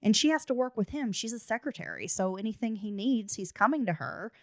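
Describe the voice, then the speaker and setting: A woman's voice: a little high, animated, brisk, darkish tone, no room sound, studio quality. A woman hosting a true crime podcast. She narrates the case details and breaks in with blunt, casual asides. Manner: reads case notes, then adds blunt asides. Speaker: podcast host.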